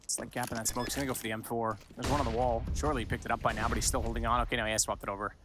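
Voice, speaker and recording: A man calling play-by-play on a match, with his voice climbing sharply when the action flares. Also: rapid-fire. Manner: excitable, rising sharply in pitch during action. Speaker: esports commentator. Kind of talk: play-by-play commentary. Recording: esports broadcast with gunfire and noise behind.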